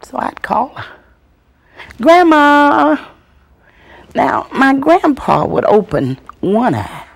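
A woman storyteller with a gravelly, husky voice tells family tales with big swings in pitch. She calls out the voices in her stories and then drops to a hush. The sound comes from an old VHS tape. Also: wildly swooping pitch, unhurried.

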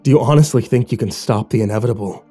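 A man doing a slow, growling masked dark lord. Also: mid-range voice, slightly rough, soft background music, natural voice. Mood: taunting. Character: menacing male dark lord villain with a breathing mask.

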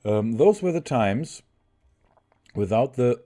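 A man streaming a story game live, reading its text aloud haltingly, restarting lines and chatting with his viewers in between. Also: mid-range voice, expressive, mellow.

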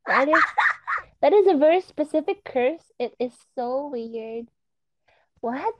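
Very high, slow-talking woman. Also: expressive, heavy background noise. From Indonesia. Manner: confused, giggly, apologetic. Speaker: livestream host. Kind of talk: casual livestream chat.

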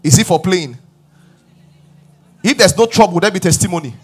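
A middle-aged man preaching a sermon as pastor, emphatic and rising to shouts. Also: high-pitched, expressive, brisk, husky.

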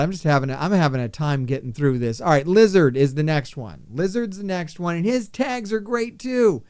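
A man giving casual commentary on a mobile game update, ranting excitedly and with exasperation. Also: a little high, clean tone, no room sound. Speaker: gaming YouTuber.

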